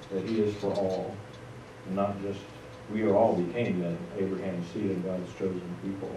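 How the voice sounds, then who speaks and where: A pastor with a lowish, dark voice preaches in a church sanctuary, keeping it conversational and throwing in asides to the congregation. The audio has an echoey room sound, with the voice distant and faint noise present.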